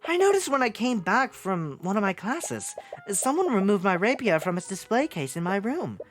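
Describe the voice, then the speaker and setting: A woman's voice: very animated, moderate pace, close to an everyday voice. A woman putting on a haughty young British noblewoman. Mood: indignant. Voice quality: high falsetto with a put-on British accent. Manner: lofty, dismissive, proud. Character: haughty young noblewoman student, scheming, aloof. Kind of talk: voicing a visual novel character.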